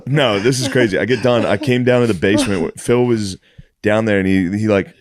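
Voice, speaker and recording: A man's voice: lowish voice, brisk, dry recording. A man co-hosting a podcast, telling stories from home in a casual, profane way and laughing often as he goes. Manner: profane, laughing storyteller, says "dude" a lot. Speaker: podcast co-host. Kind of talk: casual chat.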